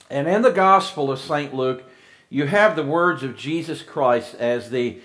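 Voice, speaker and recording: A male pastor preaching a sermon, chatting with the congregation and reading scripture with rising emphasis. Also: medium pitch. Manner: conversational, with restarts and asides, rising into emphatic reading.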